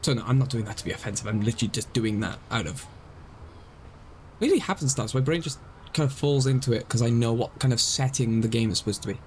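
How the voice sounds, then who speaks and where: A young man chatting through a live game stream. His voice sits at a middle pitch, and he rambles, circling back to explain himself self-consciously. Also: quick pace, a little hiss or hum, rough recording.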